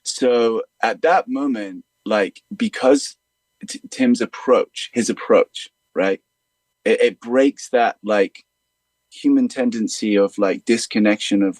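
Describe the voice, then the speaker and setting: Man, low voice, earnest, rambling storyteller, dry close sound. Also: darkish tone, dry recording. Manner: earnest, rambling, many fillers. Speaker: musician guest. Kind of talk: reflective storytelling in conversation.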